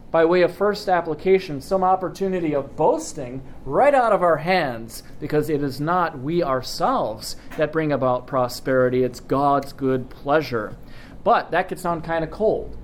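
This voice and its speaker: A man delivering a sermon, his slightly raised voice measured and emphatic as he slows to stress key phrases. A faint hiss sits under the recording. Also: fairly high pitch. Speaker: preacher.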